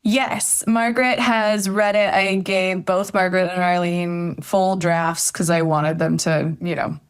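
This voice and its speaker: A woman's voice: lowish voice, fairly even intonation, a little slow, clean tone. A woman author, a guest on a podcast, telling a story in a reflective way and often hedging with "I think". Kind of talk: podcast interview conversation.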